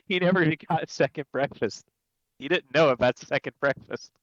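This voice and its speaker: A man's voice: fairly high pitch, fairly bright tone, no room sound, highs cut off. A man playing in a tabletop game, rambling casually about his character. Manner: rambling, laughs through his lines. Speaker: player.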